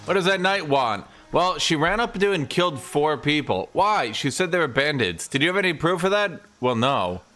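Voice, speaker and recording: A man's voice: on the high side, big pitch swings, moderate pace, few pauses, bright, forceful tone, soft background music. A man giving casual gameplay commentary, full of incredulous, mocking asides. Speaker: gaming streamer.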